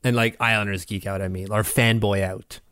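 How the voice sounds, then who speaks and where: A man's voice: on the low side, fairly even intonation, moderate pace, a bit bright, clean tone, no echo, studio quality. Teasing man in casual banter. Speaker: co-host. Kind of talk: casual podcast chat.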